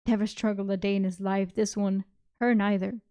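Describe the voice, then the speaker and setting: A woman reading aloud, voicing a gruff, blunt middle-aged male warlord of common birth with curt, growling lines. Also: mid-range voice, flat delivery, normal speed, dark tone, dry recording, lightly acted.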